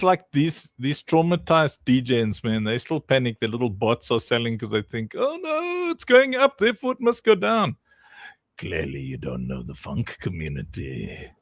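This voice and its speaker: A man hosting a casual live stream in a goofy way, jumping into silly squeaky voices and laughing as he chats with his community. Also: no room sound, clean studio sound.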